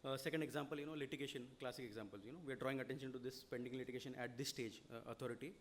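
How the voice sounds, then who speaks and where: Rapid-fire Indian man lecturing. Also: mid-range voice, steady tone, a little hiss or hum. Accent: Indian English. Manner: rapid, explanatory, frequent "you know" and "okay?". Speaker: lecturer on audit reporting. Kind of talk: seminar lecture.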